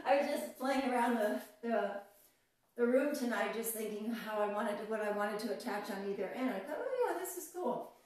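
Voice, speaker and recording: A woman's voice: on the high side, darkish tone. A woman teaching a belly dance class, chatty and encouraging, counting steps aloud. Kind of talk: live online dance lesson. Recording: echoey room, voice from far off, faint music.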